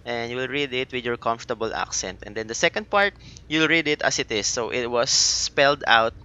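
A man's voice: mid-range voice, fairly quick, pushed and bright, smooth. A young Filipino man with a Filipino accent hosting a casual chat, encouraging and full of fillers. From Philippines. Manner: encouraging, with frequent fillers and laughs. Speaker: podcast host. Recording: dull lo-fi sound.

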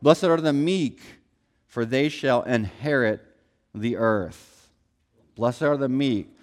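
A man's voice: mid-range voice, takes it slowly. A man preaching a sermon in a conversational style, often acting out quotes and coming back to stock phrases. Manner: conversational preaching, acts out quotes, repeats "here's the thing". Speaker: pastor.

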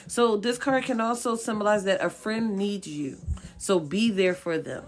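At normal speed and medium pitch, a woman gives viewers a laid-back tarot reading. She's profane and direct, encouraging and coaxing in manner, and says things more than once for emphasis.

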